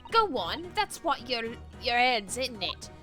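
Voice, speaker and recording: A woman's voice: on the high side, very animated, unhurried, sharp tone, full character voice. A woman voicing a brash teenage girl pickpocket in a put-on Cockney accent, with game music behind. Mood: defiant. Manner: brash, defiant. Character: cocky teenage girl pickpocket, street-smart.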